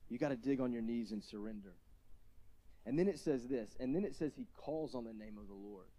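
A man delivering a sermon in a mellow, warm voice. He talks conversationally, tells stories with self-deprecating asides, and rises to loud shouts at the emotional peaks. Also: mid-range voice, fairly quick. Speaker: pastor.

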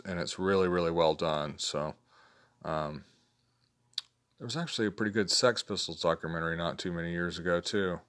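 A man in his fifties talking casually and rambling through his favorite picks, with plenty of fillers and restarts. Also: a bit bright. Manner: rambling, low-key, many fillers and restarts. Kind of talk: casual spoken list of favorites.

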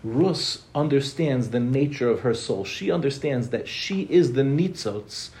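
A young man teaching a Torah class in a quick, joking way, throwing rhetorical questions at his listeners. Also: mid-range voice, expressive, a little mellow.

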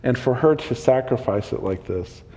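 A man's voice: medium pitch, lively intonation, normal speed, mellow. A man leading a casual Bible study, thinking aloud with plenty of ums and restarts. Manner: thinks aloud, loose, with many fillers. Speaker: Bible teacher. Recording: long hall reverb.

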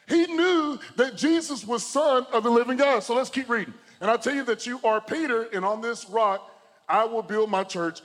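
A man preaching a sermon to a congregation, telling a story in an animated way and talking straight to the crowd. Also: high voice, long reverb tail. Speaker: pastor. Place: church hall.

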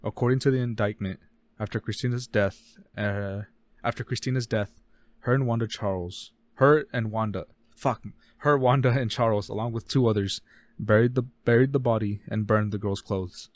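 Low-voiced man reading case notes. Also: no echo. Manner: reads case notes fast, stumbles and corrects himself. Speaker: podcast co-host. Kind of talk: casual true-crime podcast reading.

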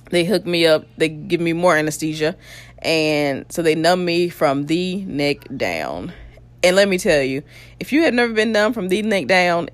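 A woman's voice: on the low side, dry recording. A young adult woman casually telling her birth story, candid and blunt, with crude humor and frequent laughs.

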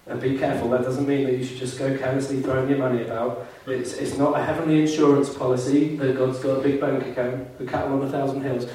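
A man's voice: mid-range voice, level tone, fast, hardly any pauses, mellow, a little hiss or hum. A man preaching a sermon with earnest fervour, now and then mimicking grumbling churchgoers in a put-on voice. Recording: very echoey hall, mic far off.

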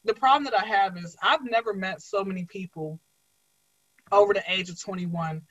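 Funny woman riffing on dating, bright sharp voice, dry close sound, kinda dull lo-fi. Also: mid-range voice, moderate pace, no room sound. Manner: animated storytelling, blunt and joking. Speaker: comedian guest. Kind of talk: casual podcast chat.

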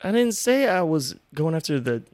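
A man guest on a podcast, talking in relaxed casual chat with brief jokes. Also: on the high side, moderate pace, no room sound, clean studio sound. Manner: relaxed, joking, brief reactions.

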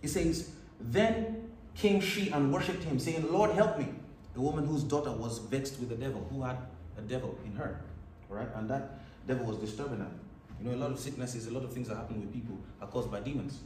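A man's voice: mid-range voice, fast talker, dark tone, a little hiss or hum. A man preaching a sermon, reading scripture aloud with rising emphasis between plain explanations. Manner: reads scripture in a raised, emphatic voice. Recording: echoey room, mic at a distance.

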